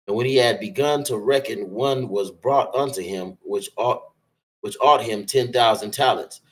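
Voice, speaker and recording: A man reading Bible passages aloud in a steady, plain way, with small slips. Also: on the low side, normal speed, rough recording. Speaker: scripture reader.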